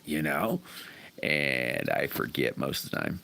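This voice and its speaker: Chatty low-voiced man on a livestream. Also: moderate pace, sharp tone. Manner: chatty, rambling, chuckles often; folksy, talks straight to viewers by name. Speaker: livestream host. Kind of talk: casual livestream chat reading viewer comments.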